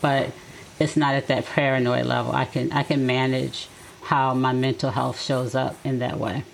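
Deep-voiced woman in her forties with a fry in her voice, reflective and gentle, casual conversational advice, faint background hiss. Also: fairly even intonation, normal speed, rough recording. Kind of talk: casual chat.

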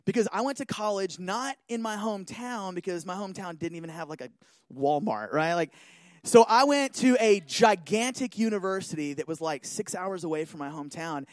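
A man giving an animated talk, telling a personal story and often checking in with listeners. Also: sits high, a little fast, no room sound. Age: adult.

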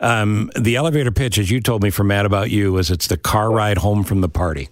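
A man in his sixties hosting a casual interview, telling stories with lively delivery and frequent laughs. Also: fairly low pitch, brisk, no echo, clean studio sound. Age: 60s. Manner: animated storyteller, laughs often. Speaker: podcast host.

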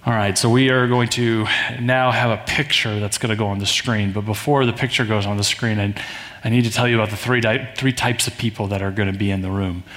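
In a church sanctuary with long hall reverb, a pastor with a lowish, slightly bright voice preaches to his congregation. His sermon is conversational and often builds to emphatic rises.

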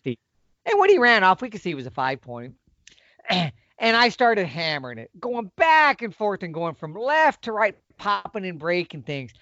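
A man's voice: high voice, moderate pace, no echo. A middle-aged man telling a hunting story in a casual, folksy way. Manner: animated, folksy storyteller with lively swings. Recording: dull, lo-fi dry sound.

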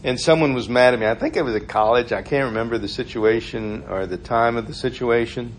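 A man's voice: mid-range voice, brisk, a little hiss or hum. Chatty male preacher telling stories. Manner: conversational, storytelling, laughs often. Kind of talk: informal sermon.

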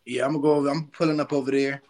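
A man's voice: mid-range voice, level tone, very fast, a little mellow. A man from Compton, California with a Los Angeles accent, a rapper chatting casually over a remote call, slangy and laughing with plenty of swearing. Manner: slangy, laid-back, laughing, profane. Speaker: rapper guest. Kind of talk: casual interview chat.

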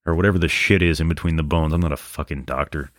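A man's voice: very deep voice, fairly even intonation, fast, dry recording, studio quality. A man hosting a true-crime podcast, narrating the case and breaking off into sarcastic, profane asides. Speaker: podcast host. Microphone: microphone on a stand.

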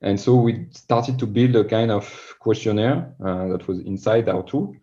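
A man's voice: fairly low pitch, a little slow, warm tone, muffled recording. A man with a French accent, a podcast guest explaining a product earnestly and often repeating words. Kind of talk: podcast interview.

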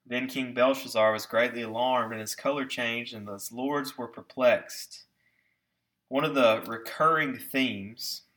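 A man preaching a sermon with emphasis, slowing down to stress key words and putting rhetorical questions to his listeners. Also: mid-range voice, bright, forceful tone. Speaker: pastor.

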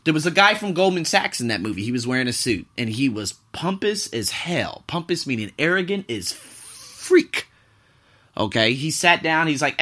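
A man's voice: fairly high pitch, very animated, normal speed, bright, forceful tone. A man hosting his own podcast in a casual monologue, profane and wandering off on tangents. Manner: loose and profane, drifting off on tangents. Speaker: podcast host.

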